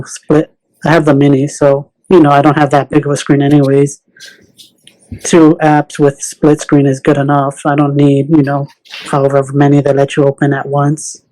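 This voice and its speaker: A man speaking as a guest on a casual podcast, relaxed and hesitant, with lots of "you know". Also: on the high side, poor audio.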